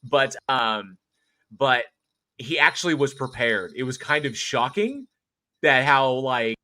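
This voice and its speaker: A man hosting a casual livestream, chatting and getting animated as he tells stories. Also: medium pitch, slow pace. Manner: excitable, animated when telling stories. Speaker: host.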